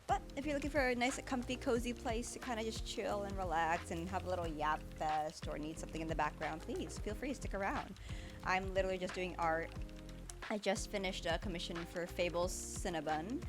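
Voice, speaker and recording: A woman's voice: lowish voice, fairly quick. A woman streamer chatting casually with her chat while she draws, bubbly and a bit chaotic. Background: background music.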